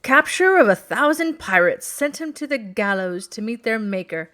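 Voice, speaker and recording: A woman reading a novel aloud voices a hearty male shopkeeper who crows his words loudly with rough grammar, calling out in a high, strained voice. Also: lively intonation, normal speed. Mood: crowing. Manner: loud, crowing calls with rough dropped grammar.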